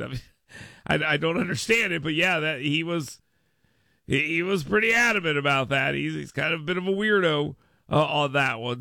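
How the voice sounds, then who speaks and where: A man hosting a political talk radio show in a studio, delivering an animated monologue and acting out mocking quotes in a raised voice. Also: fairly high pitch, creaky, no room sound.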